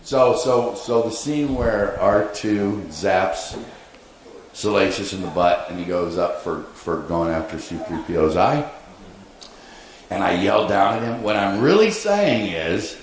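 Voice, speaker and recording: A man telling an animated story on a convention panel, quoting people and laughing along. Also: on the low side, unhurried. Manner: animated anecdote with laughs and acted-out quotes. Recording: echoey convention hall, faint noise.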